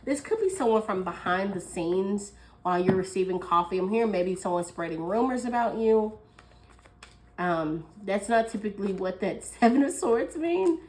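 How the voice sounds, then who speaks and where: A woman's voice: mid-range voice, animated, moderate pace, a little mellow, low-quality recording. Chatty woman giving a tarot reading. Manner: chatty, thinking aloud, frequent laughs and fillers. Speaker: tarot reader. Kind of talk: casual tarot reading monologue.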